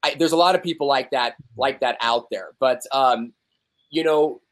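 A man's voice: medium pitch, normal speed. A young adult man, a podcast guest, talking candidly and animatedly in casual conversation and acting out the voices he quotes.

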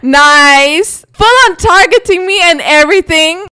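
A woman with a high, bright-sounding voice talks her way through a video game, reacting fast and chattering excitedly. Quiet background music plays beneath her commentary. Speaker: gaming video host. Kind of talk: live gameplay commentary.

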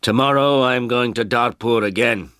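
A man's voice: medium pitch, moderate pace, fairly bright tone, clean tone, no room sound, clean studio sound, voice pushed up, close to an everyday voice. A man voicing a poor old village man who is anxious and impatient, pleading in a raised voice.

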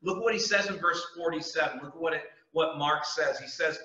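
Youth pastor, male, bright forceful voice, earnest preaching; echoey room, distant mic. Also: on the high side, fairly quick, few pauses, lo-fi sound. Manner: earnest, emphatic preaching with repetition. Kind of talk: youth group sermon.

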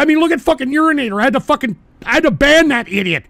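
Brief: older male host, high gravelly voice, dry close sound, profane ranting at viewers. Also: animated, rapid-fire, dry recording. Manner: profane, shouting tirades at chat. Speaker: live show host. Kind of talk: ranting live-stream talk.

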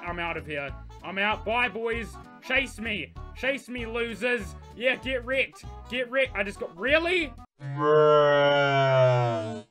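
A young man giving excitable gameplay commentary, breaking into loud yells and squealing laughter. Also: sits high. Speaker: gaming YouTuber.

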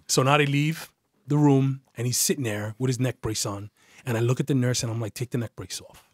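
A middle-aged retired police detective tells a story in a casual interview, blunt and swearing often, acting out the voices of the people involved. His medium-pitched voice is brisk with a breathy edge, and the studio-quality recording has no echo.

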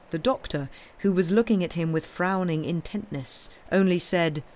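A woman narrating classic fiction aloud in a measured storytelling manner. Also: deep voice. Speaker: audiobook reader.

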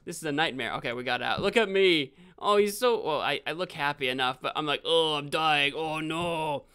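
A young man live-streaming a video game, rambling and correcting himself, with sudden excited outbursts. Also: fairly high pitch, fast, clean tone.

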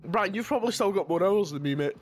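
A man's voice: high voice, lively intonation, quick pace. A man in casual gaming banter, teasing his friend and calling him bro. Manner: teasing, laughing, says "bro". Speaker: gaming guest.

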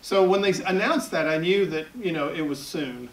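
A man's voice: on the high side, normal speed. Southern man talking in an echoey hall. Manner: chatty, self-deprecating humor. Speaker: editorial cartoonist giving a talk. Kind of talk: public talk to an audience. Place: event hall at a library. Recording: echoey hall, picked up from far off.

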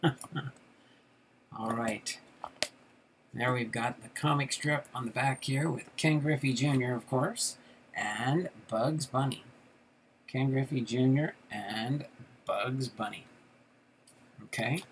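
Middle-aged male host, unhurried chatty delivery, faint background noise. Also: mid-range voice, low-quality recording. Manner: chatty, laughs at the jokes, loosely voices the strip characters. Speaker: card collector channel host. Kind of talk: casual livestream reading comic strips aloud.

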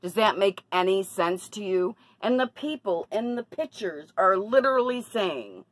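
A woman's voice: mid-range voice, expressive, moderate pace, fairly bright tone, no echo, rough recording. A woman talking casually to her camera in a personal vlog, confiding and then indignant about bad deals. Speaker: vlogger.

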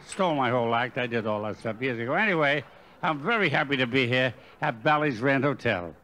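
An older man doing stand-up comedy on a hotel stage, firing off quick deadpan one-liners into a stage microphone. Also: mid-range voice. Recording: dull live recording, faint room ambience.

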